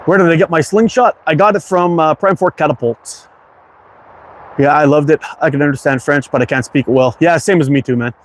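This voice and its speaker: A man's voice: a little high, a little fast, slight background noise. A man in his fifties with a Quebec English accent, hosting a casual livestream chat, reading comments aloud and often repeating his words. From Quebec, Canada. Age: 50s. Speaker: livestream host.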